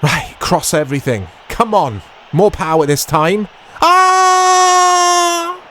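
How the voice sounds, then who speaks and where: A man commentating his own football video game play, excitable and self-mocking, shouting at big moments. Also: fairly high pitch, measured pace, a little hiss or hum. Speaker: gaming YouTuber. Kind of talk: gameplay commentary.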